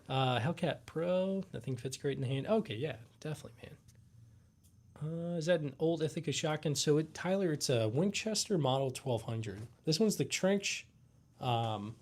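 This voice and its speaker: A tired man from the United States hosting a casual live Q&A stream, talking in a laid-back, halting way with many fillers and restarts. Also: medium pitch, darkish tone. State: tired, yawning. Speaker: livestream host.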